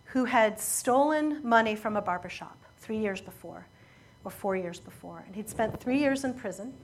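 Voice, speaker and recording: A woman preaching a sermon, telling a story in an earnest, measured way that often falls quiet at emotional moments. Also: a little high, a little hiss or hum.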